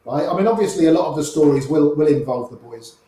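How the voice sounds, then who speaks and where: An older man, appearing as a guest storyteller, chats through anecdotes and acts out the voices of the people in them. He talks fast with an animated, mellow voice on the high side. The room is very echoey, and there's a little hiss or hum.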